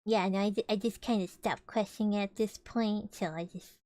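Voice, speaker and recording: A woman's voice: mid-range voice, steady tone, normal speed, a little mellow, no room sound. A young woman streamer reading a storybook aloud with casual, chatty and giggly asides between passages.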